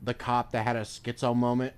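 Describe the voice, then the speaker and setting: A man's voice: mid-range voice, flat delivery, a little fast, clean tone. A male streamer chatting casually while gaming, rambling through stories with free swearing. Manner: rambling, swears freely, loose storytelling.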